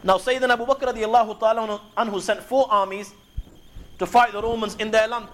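A male preacher delivering a sermon that retells Islamic history in measured storytelling, with frequent Arabic honorifics. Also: sits high, fairly even intonation, fairly bright tone, slight background noise.

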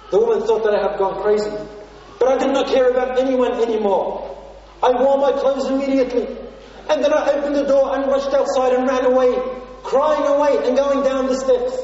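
A man delivers an impassioned sermon in a strikingly high voice, leaning on repeated phrases. He sounds distant and a little muffled. A long, booming reverb from a big hall trails every line. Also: fairly even intonation, fairly quick, mellow. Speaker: preacher. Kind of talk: sermon told as a first-person story. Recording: muffled, echoey hall from far off.

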